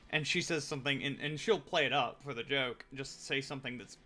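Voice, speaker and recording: Young guy rambling while he paints, bright forceful voice, faint music behind. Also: mid-range voice. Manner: chatty, joking, explains steps as he paints. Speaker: streamer painting miniatures. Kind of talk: casual chat while painting.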